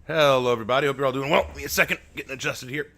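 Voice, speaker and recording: A man hosts a live stream from home in a relaxed, chatty way. He reads out viewer messages and answers them in a middle-pitched voice. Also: very fast. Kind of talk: casual live stream chat.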